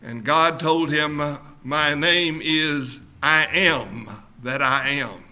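Male pastor, sermon delivery; slow, deliberate, bright and forceful tone, emphatic repeats. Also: a little high.

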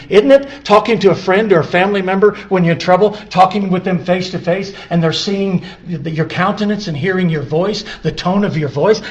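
A man preaching with a voice a little higher than most. He repeats scripture lines for weight, sinking to soft, slow phrases before climbing to loud, high-pitched emphasis. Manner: builds from quiet, drawn-out lines to loud, high emphatic peaks. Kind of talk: sermon.

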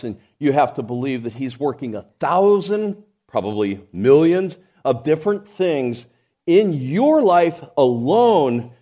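A man's voice: on the high side, mellow. A man preaching a sermon to his congregation, building emphasis through his points and often restarting mid-phrase. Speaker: pastor.

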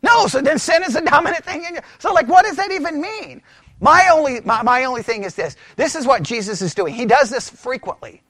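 A man teaching scripture in a conversational sermon, animated and full of rhetorical questions. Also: very high voice, brisk, dry recording, studio quality. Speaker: pastor teaching.

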